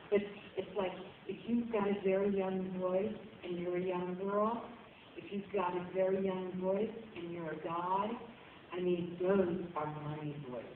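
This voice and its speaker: A woman's voice: on the low side, phone-quality sound, noisy background. Woman voice actor advising on a panel. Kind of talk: panel talk, giving advice. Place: convention panel room. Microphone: audience member's cell phone. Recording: echoey hall on a phone from far off.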